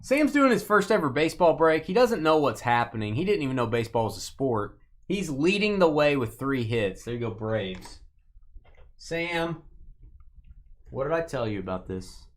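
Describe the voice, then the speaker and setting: A man's voice: on the high side, big pitch swings, normal speed. A man hosting a live trading-card break, calling out cards and playfully teasing viewers by name. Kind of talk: casual live-stream commentary.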